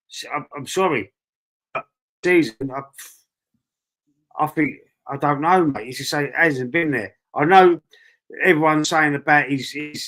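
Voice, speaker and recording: Cockney bloke hosting a fan stream, blunt, swears a lot, keeps repeating himself. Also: male voice, a little high, bright, forceful tone. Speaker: football fan channel host. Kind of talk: casual live-stream chat.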